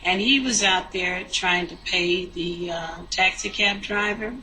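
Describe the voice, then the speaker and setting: A woman's voice: lowish voice, unhurried, sharp tone, a little hiss or hum, low-quality recording. A woman who works a hotel front desk, recalling what she saw in a witness interview, hesitant and full of fillers.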